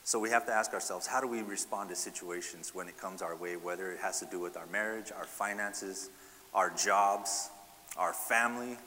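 A man's voice: sits low, moderate pace, pushed and bright, big-room sound, slight background noise. A man preaching a sermon, asking the congregation rhetorical questions and often adding "right?". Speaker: pastor.

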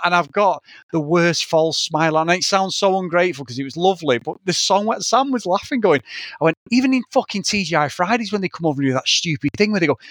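A man's voice: on the high side, lively intonation, quick pace, fairly bright tone, no room sound, clean studio sound. A man, telling a rambling story in casual podcast chat, swearing often. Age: 40s. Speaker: podcast co-host.

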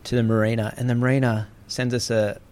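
A man's voice: mid-range voice, flat delivery, a little fast, a little mellow. A man telling a long story in casual chat, rambling with many fillers and restarts.

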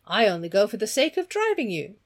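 A woman doing a loud, pushy young gentleman in a storybook reading who crows and brags in sudden high bursts. His voice swoops up and down with lively swings. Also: fairly quick. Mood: boastful. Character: brash boastful young man, loud and pushy.

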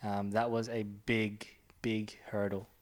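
A young man who serves as a church minister takes his time telling his heartfelt testimony. His low-leaning voice stays level in pitch, and when he reads from scripture, his force builds.

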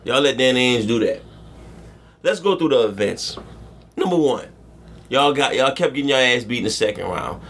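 A man co-hosting a casual sports podcast, joking and swearing as he tells a slow, rambling story. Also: medium pitch, animated, creaky, a bit bright, slight background noise. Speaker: podcast co-host.

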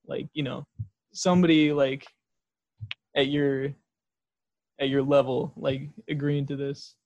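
A man co-hosting an interview, earnest and halting, leaning on fillers. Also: medium pitch, level tone, gravelly, a little mellow, dull audio. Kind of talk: casual interview.

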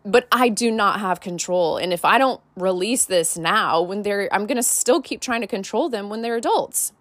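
A woman's voice: mid-range voice, moderate pace, fairly bright tone, no room sound. A woman podcast host and life coach, telling a personal story in a casual, candid way, full of "like" and "right?".

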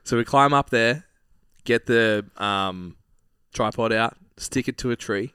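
A man's voice: medium pitch, measured pace, pushed and bright, clear, resonant tone, dry recording, clean studio sound. A young Australian man telling a rambling story in casual chat, swearing freely. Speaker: podcast co-host.

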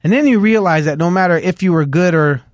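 A man from Los Angeles, a guest musician, chatting in an interview and telling stories in an animated way with many "like"s. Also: high-pitched, fast, no room sound, studio quality. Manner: animated storyteller, heavy on "like", hums tunes aloud. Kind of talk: casual interview chat.

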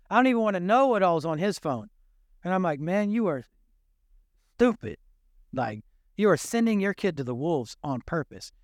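High-voiced man preaching earnestly. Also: dry recording, clean studio sound. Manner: earnest, conversational preaching with rhetorical questions. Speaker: pastor. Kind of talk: sermon.

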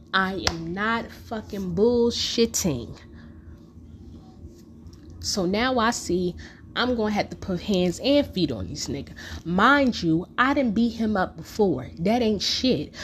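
Slow-talking woman telling a story. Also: medium pitch, slight background noise. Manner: profane, vivid retelling full of fillers. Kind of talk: casual storytime monologue.

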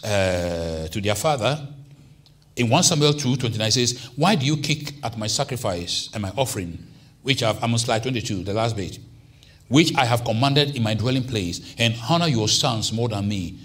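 A man preaching a sermon as pastor, swinging from hushed asides to loud, emphatic lines. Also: medium pitch. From Nigeria.

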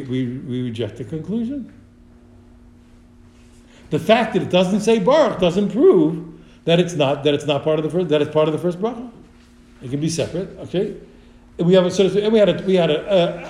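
A middle-aged man teaching a text study lesson, thinking aloud with many restarts and animated asides. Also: fairly high pitch, reverberant, a little hiss or hum. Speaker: Torah teacher.

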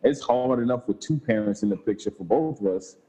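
A man in his thirties chatting casually with a friend about fatherhood, in relaxed slang with frequent swearing. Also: medium pitch, brisk, husky, low-quality recording. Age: 30s. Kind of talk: casual chat.

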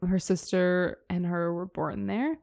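A woman's voice: lowish voice, a little slow, creaky, darkish tone. A young woman co-hosting a casual podcast chat, gushing with enthusiasm and reading quotes aloud. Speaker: podcast co-host.

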